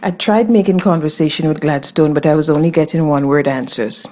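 A woman's voice: low-pitched, fairly quick. Wry woman narrating a fantasy tale. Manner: wry, expressive first-person telling. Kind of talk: audiobook narration of a fantasy story.

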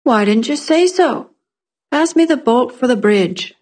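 A woman's voice: sits high, lively intonation, measured pace, darkish tone, voice pushed up. A woman voicing a lazy young guard. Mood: offhand. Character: lazy yawning young man on guard duty.

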